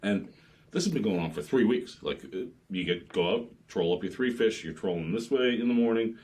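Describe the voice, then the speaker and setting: A man, a charter boat captain and podcast guest, spinning lively fishing stories and acting out the voices in them. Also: on the low side, fairly quick. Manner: lively storyteller, acts out voices, swears. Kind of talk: casual chat.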